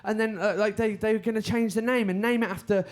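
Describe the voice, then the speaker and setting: High-voiced self-mocking young comedian. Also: male voice, steady tone, fast. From Birmingham, England. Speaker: stand-up comedian. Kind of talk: stand-up comedy set.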